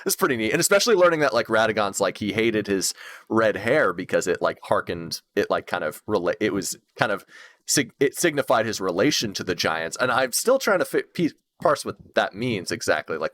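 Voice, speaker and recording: A man co-hosting a casual gaming podcast, rambling with many fillers and laughing as he retells moments. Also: deep voice. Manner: rambling, lots of fillers, laughs often, animated when retelling. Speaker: podcast co-host.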